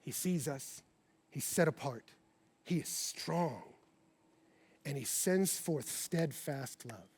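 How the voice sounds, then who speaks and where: Animated high-voiced preacher telling a story. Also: male voice, takes it slowly, pauses often, slightly rough. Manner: animated, acts out quoted voices, swings from loud to hushed. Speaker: pastor. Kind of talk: sermon with storytelling. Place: church stage before a congregation.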